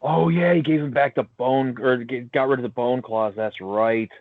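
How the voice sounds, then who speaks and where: A man co-hosting a casual podcast chat, swearing freely and giving blunt, animated opinions. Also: medium pitch, moderate pace, no room sound. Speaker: podcast co-host. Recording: dull lo-fi sound, dry.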